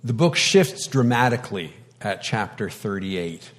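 A man preaching a sermon, deliberate and reflective, with touches of light wry humor. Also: fairly low pitch, sing-song, fairly bright tone.

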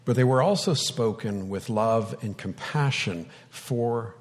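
A man preaching a sermon, deliberate and reflective, with touches of light wry humor. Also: medium pitch.

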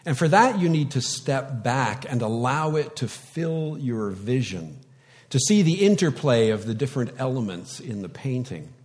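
A male pastor preaching a sermon in a slow, reflective way, with sudden loud words for emphasis. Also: mid-range voice, animated. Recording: long hall reverb.

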